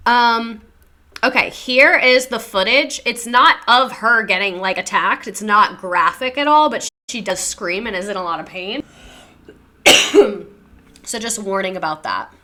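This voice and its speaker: A young woman with a bright, forward voice tells a true-crime story in a casual, slangy way. She moves between reading out facts and chatting with her viewers. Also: mid-range voice, measured pace. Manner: chatty, slangy, reacting to chat.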